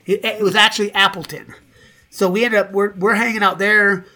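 Brief: middle-aged man, high bright voice, swears freely, animated raconteur acting out quotes. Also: fairly quick. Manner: profane, animated, acts out quoted dialogue. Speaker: guest musician. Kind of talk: casual storytelling interview.

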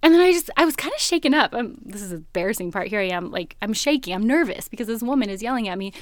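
A woman hosting a podcast, telling a personal story in a casual, animated way and laughing often. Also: on the high side, fast talker, no room sound, studio quality.

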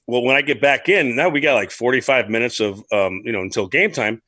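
A man's voice: mid-range voice, fairly quick, bright, forceful tone, no echo. A man, a former baseball player, chatting enthusiastically and telling locker-room stories. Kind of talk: casual chat.

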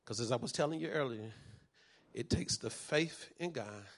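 A man, preaching a sermon as pastor, moving from calm teaching to shouted fervor. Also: medium pitch, normal speed.

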